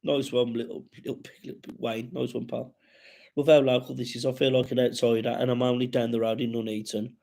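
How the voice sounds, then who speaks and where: A man's voice: mid-range voice, flat delivery, a little fast, creaky, dark tone. A man with a West Midlands accent hosting a live stream, reading out comments with sweary, jokey banter.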